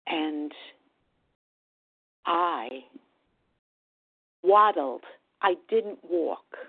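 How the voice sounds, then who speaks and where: A middle-aged woman sharing her personal recovery story at a meeting, talking in a halting, earnest way. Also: lowish voice, lively intonation, slightly rough. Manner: slow, halting, earnest, with pauses and restarts. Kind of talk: personal testimony at a support meeting. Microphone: phone call. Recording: tinny phone line.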